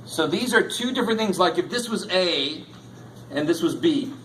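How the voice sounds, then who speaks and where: A man's voice: sits high, lively intonation, normal speed, fairly bright tone, slight background noise, poor audio. Joking, irreverent male math lecturer. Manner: jokey, irreverent, swears casually. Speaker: math instructor. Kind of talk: classroom lecture. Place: classroom.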